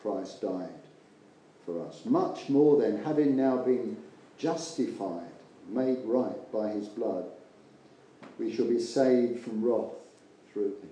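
A man's voice: lowish voice, expressive, slow, dark tone. An older man, preaching an earnest sermon that rambles with restarts and asides. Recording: echoey room with faint ambience.

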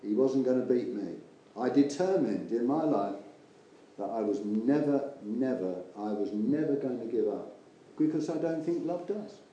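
Older preacher in an echoey church. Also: male voice, mid-range voice, lively intonation, normal speed, warm tone, lo-fi sound, slight background noise. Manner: earnest, rambling, with many restarts and asides. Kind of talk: sermon. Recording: echoey room with faint ambience.

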